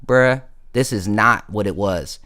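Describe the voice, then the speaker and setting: A man's voice: on the low side, measured pace, pushed and bright. A man hosting a casual late-night stream, telling a story in a slangy, rambling way, full of fillers and asides. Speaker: livestream host.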